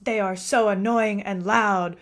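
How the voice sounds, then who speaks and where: A woman putting on the voice of an angry old Jamaican man who yells, with a Jamaican accent. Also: medium pitch, fairly even intonation, unhurried, natural voice. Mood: angry yelling. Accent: put-on Jamaican. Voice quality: loud, yelling. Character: angry old male Jamaican driver, yelling.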